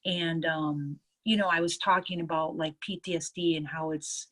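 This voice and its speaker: Animated woman nurse telling stories. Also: low voice, normal speed. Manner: lively storyteller, acts out others' lines. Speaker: nurse and EFT tapping practitioner. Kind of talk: casual storytelling interview.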